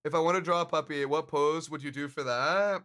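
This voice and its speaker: A man's voice: fairly high pitch, brisk, a bit bright. Joking, swearing young-sounding man streamer. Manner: joking, laughs often, swears casually. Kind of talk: casual livestream chat. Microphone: handcam stream mic.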